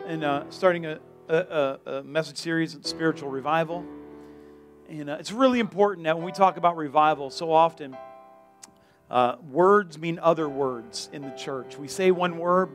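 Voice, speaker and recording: A man's voice: on the high side, normal speed, a bit bright, soft background music. A man pastoring a church, preaching casually with jokes and energy. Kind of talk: sermon. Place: church sanctuary.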